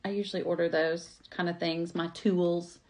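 This craft vlogger's voice is lowish and a little mellow, moving little in pitch at a normal speed. She chats with viewers while crafting at her home table in a live tutorial, self-deprecating and calling them y'all.

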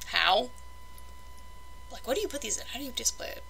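A woman's voice: high voice, huge pitch swings, brisk, gravelly, noisy background. A young woman chatting casually through a toy unboxing, rambling and exasperated in her asides.

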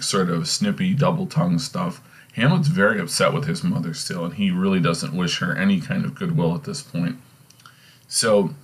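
A man's voice: low voice, slightly rough. A male teacher casually reading and explaining a play in a recorded lesson, often checking in with "okay?". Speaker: English teacher.

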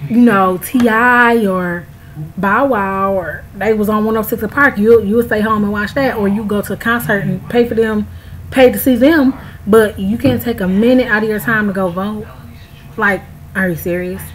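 A woman vlogger from the United States, in her early twenties, talks straight to viewers in an outraged, emphatic casual rant. Her medium-pitched voice is steady and a little slow, and the rough recording carries a little hiss or hum.

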